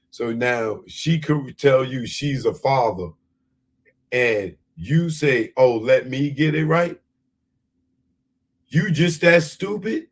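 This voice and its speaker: A man hosting a live comedy commentary stream, loose and profane, breaking into mocking impressions. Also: mid-range voice. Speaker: comedian host. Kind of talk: live stand-up style commentary.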